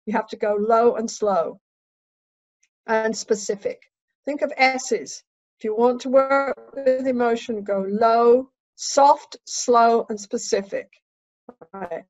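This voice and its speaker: Brief: woman therapist-trainer lecturing, fairly high voice, instructive and emphatic, dull dry recording. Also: slow, a little mellow, no echo, soft background music. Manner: instructive, emphatic, checks in with "right?". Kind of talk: teaching lecture.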